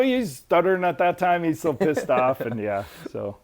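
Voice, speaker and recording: A man in his fifties, a military veteran, telling stories in a profane, animated way and acting out quotes. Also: on the high side, moderate pace. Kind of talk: casual storytelling.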